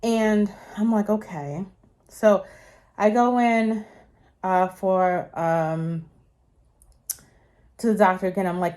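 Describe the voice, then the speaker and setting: A woman in her thirties, a vlogger, tells a personal story in a steady, slightly mellow medium-pitched voice, going slowly with long pauses. Her delivery is chatty and meandering, with plenty of fillers, restarts and self-corrections, and she's a touch short of breath.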